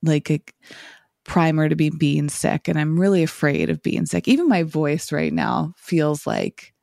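A woman's voice: low voice, normal speed, vocal fry, darkish tone, dry recording, studio quality. A woman hosting a solo podcast, talking through her thoughts in a rambling, reflective way with many filler "like"s. She sounds tired and slightly scratchy. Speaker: podcast host.

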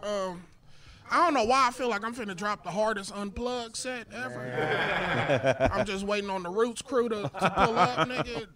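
A man in his thirties doing a casual, joking stand-up set with a light, high voice. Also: expressive, normal speed, pushed and bright. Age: 30s. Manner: high light voice, loose and joking, swears a lot. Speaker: stand-up comedian. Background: small crowd laughing.

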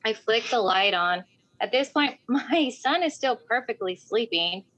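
A woman telling a personal story in casual talk, animated and often saying "like". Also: a little high, measured pace, low-quality recording. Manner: animated, acts out voices in quotes, fills with "like".

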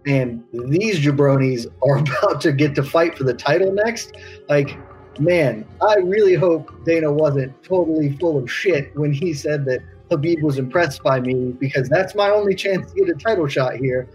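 Man voicing a cocky aggrieved fighter, sarcastic rant, slightly high voice. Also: normal speed, a little mellow, soft background music, lightly acted, low-quality recording. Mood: indignant. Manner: ranting, sarcastic.

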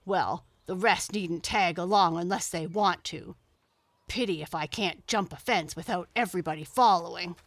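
A woman's voice: medium pitch, lively intonation, normal speed, hardly any pauses, fairly bright tone, dry recording. Stubborn bellwether ram, read by a woman: defensive, grumbling, huffy. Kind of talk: storybook reading.

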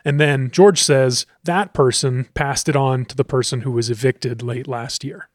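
A man's voice: medium pitch, steady tone, a little slow, no echo. A man hosting a local talk show, speaking casually and often repeating words as he thinks. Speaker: podcast host. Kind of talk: casual discussion.

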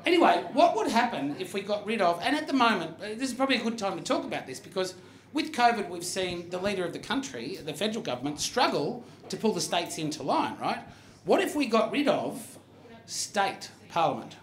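A man hosting a live comedy show, animated and full of swearing. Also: high voice, quick pace, reverberant. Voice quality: profane, animated. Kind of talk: live comedy panel banter. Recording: audience laughter throughout. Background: live audience laughter.

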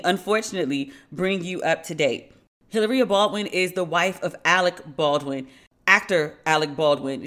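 A woman's voice: on the low side, a bit bright. Sardonic woman podcast host. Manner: candid, slangy, sardonic. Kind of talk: casual storytelling monologue.

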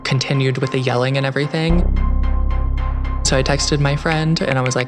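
A young man telling his own true story in the first person, in an earnest, measured way. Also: medium pitch, fairly even intonation. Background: music.

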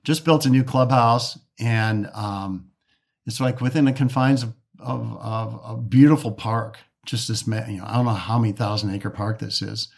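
A man's voice: lowish voice, steady tone, normal speed, gravelly. A man from the Detroit area, a golf course architect, telling stories in a casual interview, often restarting and acting out quoted dialogue.

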